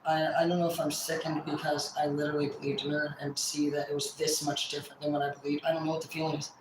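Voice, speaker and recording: A woman's voice: low voice, flat delivery, heavy reverb, background noise. Rambling, profane woman venting. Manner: rambling, profane, halting restarts. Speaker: livestreamer. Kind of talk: casual venting on a livestream.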